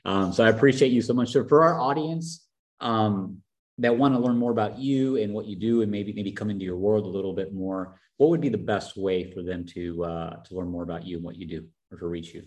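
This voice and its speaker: A man's voice: lowish voice, brisk, a little mellow. A man hosting a podcast interview, enthusiastic and full of praise for his guest. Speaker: podcast host. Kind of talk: casual interview talk.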